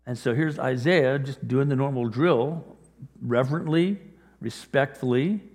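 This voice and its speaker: A man preaching a sermon in a conversational way, growing animated as he acts out scripture. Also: medium pitch, unhurried, slightly rough. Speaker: pastor. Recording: long reverb of a large hall.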